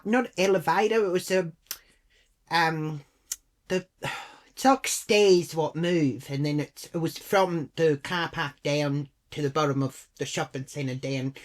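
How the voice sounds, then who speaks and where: A woman tells a storytime in a blunt, rambling way and swears freely. Her voice sits low and deep for a woman. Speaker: vlogger. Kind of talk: storytime vlog.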